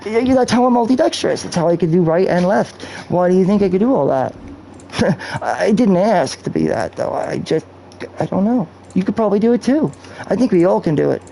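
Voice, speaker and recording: A man's voice: sits high, expressive, fairly quick, creaky, mellow, slight background noise, poor audio. A man live-streaming a video game, talking in a rambling, profane, off-topic way into a cheap microphone. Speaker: gaming streamer. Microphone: cheap streaming mic.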